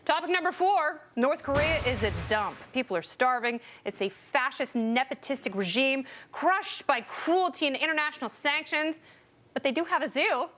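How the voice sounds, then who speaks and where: A woman hosting a TV panel show, reading segments with quick wisecracks. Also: high-pitched, a bit bright, a little hiss or hum. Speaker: host.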